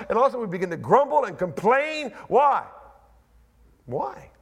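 A man preaching a sermon to a church congregation, emphatic and repetitive, moving between soft, low asides and loud, high declarations. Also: wildly swooping pitch, unhurried, creaky, long pauses, husky. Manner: emphatic preaching with repetition and rising, falling pitch. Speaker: pastor. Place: church sanctuary.

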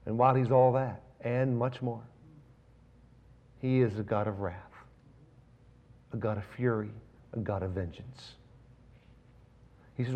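A man preaching a sermon, swinging between raised, emphatic preaching and hushed, near-whispered lines, with slow, stressed lists. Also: medium pitch, steady tone. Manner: slow, emphatic delivery of lists and repeated phrases. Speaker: pastor.

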